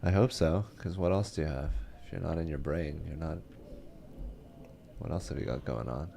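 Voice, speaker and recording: A man with a very low voice trades dry, sardonic jokes in casual podcast talk. His humor is blunt and deadpan. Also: moderate pace, gravelly, a little hiss or hum. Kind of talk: casual chat.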